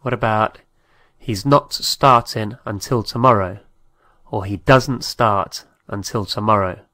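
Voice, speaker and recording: A man with a low voice teaches a language lesson at a very slow pace. He says each phrase and then repeats it, sometimes spelling a word out letter by letter. He is recorded close up in a dry room. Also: bright, forceful tone, dry recording.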